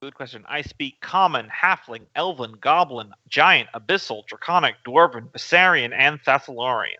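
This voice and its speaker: A man's voice: mid-range voice, expressive, normal speed, bright, forceful tone, no echo, muffled recording. A man playing a tabletop game casually, who speaks precisely and asks about the rules. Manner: precise, asks rule clarifications. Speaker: player.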